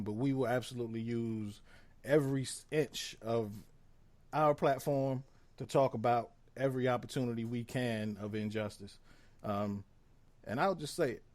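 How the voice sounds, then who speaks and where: A man co-hosting a podcast, speaking in a measured, earnest way with frequent "um"s. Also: mid-range voice, darkish tone. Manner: measured, earnest, filler-heavy. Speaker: podcast co-host. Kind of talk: casual podcast discussion.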